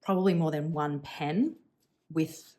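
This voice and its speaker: A woman's voice: low-pitched, unhurried, dark tone. A woman in her thirties chatting casually and thinking aloud while swatching inks for her channel, musing and self-deprecating. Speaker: stationery vlogger.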